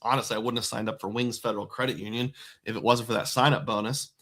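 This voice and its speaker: A man's voice: mid-range voice, fairly even intonation, fast talker, a bit bright. A man hosting a casual livestream about credit cards and bank bonuses, talking in a chatty, rambling way with many asides. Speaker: personal finance host.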